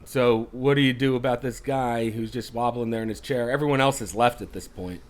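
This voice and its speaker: A man running a tabletop horror game as game master, narrating casually with lots of fillers. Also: medium pitch. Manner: casual, halting, with many fillers.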